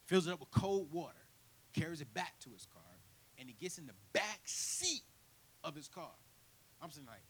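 A man preaching a sermon in church, telling his own story with big swings from quiet to near shouting. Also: on the high side, animated, normal speed, slight background noise, low-quality recording. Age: 30s. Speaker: guest preacher. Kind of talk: sermon with personal testimony.

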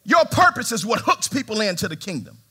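A man preaching to his congregation with a high, bright voice. His delivery is lively and swooping, dropping to near whispers, then rising into shouts. He jokes with the crowd and asks them to answer back. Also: fairly quick, husky. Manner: animated preaching, swings from shouts to hushed tones; humorous, calls on the congregation. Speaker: pastor. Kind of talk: sermon. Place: church sanctuary.

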